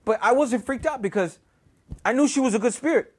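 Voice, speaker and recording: A man's voice: very high voice, a little fast. A man from Houston, telling a personal story in a casual, profane, rambling way, full of "you know" and "right?". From Houston, Texas.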